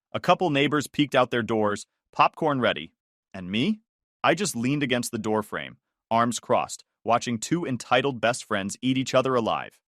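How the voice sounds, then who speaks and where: A man's voice: medium pitch, fairly bright tone, no room sound, studio quality. A man narrating a first-person story in a smug, cutting manner.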